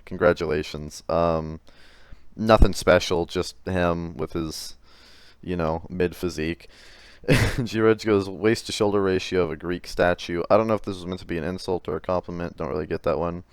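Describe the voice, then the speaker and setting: Exasperated man with a smooth low voice. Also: fairly even intonation, moderate pace, no echo. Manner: exasperated, profane, stammering restarts. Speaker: commentary YouTuber. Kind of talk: reacting to chat messages.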